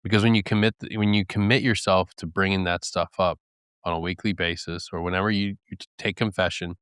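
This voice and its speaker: A man's voice: deep voice, fairly even intonation, brisk, a bit bright, smooth, dry recording, studio quality. A man in casual podcast conversation, telling stories earnestly and candidly. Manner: earnest, candid storytelling with acted quotes and laughs.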